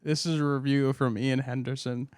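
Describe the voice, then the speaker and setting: A man's voice: medium pitch, little pitch movement, moderate pace, darkish tone, smooth, no room sound, clean studio sound. A man co-hosting a comedy podcast, chatting casually, teasing and reading out customer reviews. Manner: teasing, laughs often, reads out reviews. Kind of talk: casual chat.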